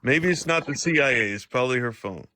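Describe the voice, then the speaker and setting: Bright-voiced man, laid-back and slangy. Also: medium pitch, expressive, quick pace, a little hiss or hum. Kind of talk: casual live-stream chat.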